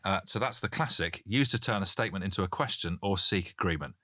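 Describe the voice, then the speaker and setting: Deep-voiced, bright-toned British man. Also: quick pace, no echo, studio quality. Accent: British English. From Britain. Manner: jokey, reads listener messages aloud. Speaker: podcast co-host. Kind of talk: casual podcast chat. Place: Canada.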